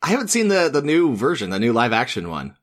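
A man co-hosting a casual comedy podcast, talking loosely with lots of "uh"s and quick joking asides. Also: medium pitch, wildly swooping pitch. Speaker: podcast co-host.

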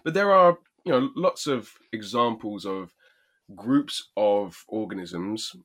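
A man's voice: lowish voice, expressive, slow, a bit bright. A man co-hosting a podcast, joking around and explaining things at length in casual chat. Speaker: podcast co-host.

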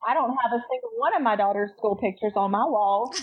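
A woman's voice: fairly high pitch, fast, husky, phone-quality sound. A woman, a mom guesting on a podcast, sarcastic and self-mocking. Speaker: guest, mom and video creator. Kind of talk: casual chat.

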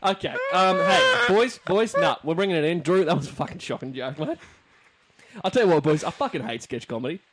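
A man's voice: fairly high pitch, expressive, fast, slight background noise. A man with an Australian accent co-hosting a comedy podcast, improvising brash, sweary sketch banter.

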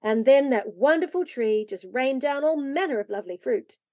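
Woman reading an old kids story out loud, lots of up and down, dry close sound. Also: sits high, moderate pace, dry recording. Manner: expressive, lively. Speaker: reader.

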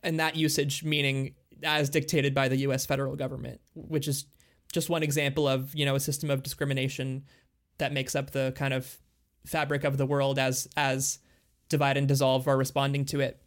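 A man's voice: mid-range voice, flat delivery, fairly quick. A man co-hosting a casual music podcast, talking thoughtfully and at length about songs. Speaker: podcast co-host.

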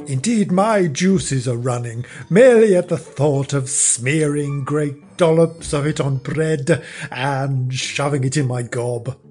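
A man telling a comic story as a podcast host, in a wry, theatrical, mock-indignant way. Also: medium pitch.

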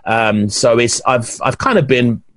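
In a dry recording, a medium-pitched man from England speaks unhurriedly as a guest on a relaxed podcast. A pro bodybuilder, he tells lively stories, frequently starting over mid-sentence.

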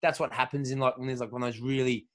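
A man's voice: medium pitch, little pitch movement, fast. An Australian man in casual chat, rambling and swearing heavily, laughing often as he tells stories.

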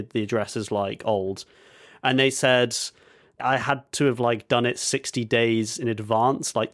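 Exasperated storyteller, dry sound. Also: male voice, lowish voice, no room sound. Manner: exasperated, repeats words while telling a story. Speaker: podcast co-host. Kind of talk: casual podcast storytelling.

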